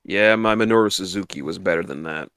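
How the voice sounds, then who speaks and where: A man's voice: sits low, brisk, a bit bright, clean tone, no room sound. A man in a casual podcast chat, giving short replies and dry quips.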